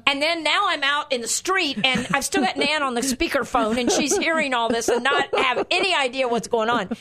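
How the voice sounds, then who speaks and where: Lively woman pastor hosting radio. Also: sits high, fairly quick. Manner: lively storyteller, acts out voices. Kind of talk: call-in christian radio talk.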